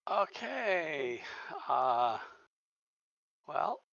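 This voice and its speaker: A man with a heavily gravelly voice plays a tabletop game, talking very slowly with a wry edge. The sound is dull and dry, a lo-fi recording with no room around it. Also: a little high, very animated, fairly bright tone, no room sound. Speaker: player.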